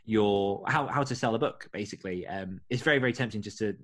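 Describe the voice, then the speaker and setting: A man from the UK hosting a writing podcast, talking in a friendly, measured, slightly formal way. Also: lowish voice. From United Kingdom. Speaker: podcast co-host. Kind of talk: podcast chat.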